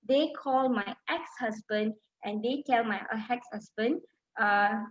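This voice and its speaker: A woman's voice: a little high, measured pace. A middle-aged woman from Malaysia telling a personal story in a talk, emotional and full of fillers and restarts. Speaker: speaker. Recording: dull lo-fi sound.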